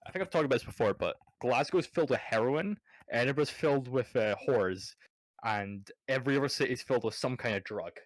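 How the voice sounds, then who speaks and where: On a podcast, a Scottish panelist rambles and curses in casual conversation, tripping over himself with stammered restarts. He has a mid-range voice, talks a little fast, and the recording is dry.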